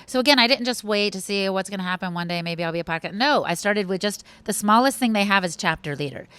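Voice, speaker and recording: A woman guest on a podcast, telling animated, rambling stories with frequent restarts in a casual conversational way. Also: medium pitch, fast, clear, resonant tone.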